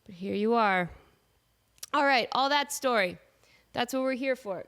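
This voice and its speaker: A woman's voice: on the high side, unhurried, fairly bright tone, clean tone. Nasal, sick woman podcaster. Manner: chatty, self-mocking, rambling asides. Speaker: podcast host. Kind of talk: casual solo podcast chat. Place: at home with her cat.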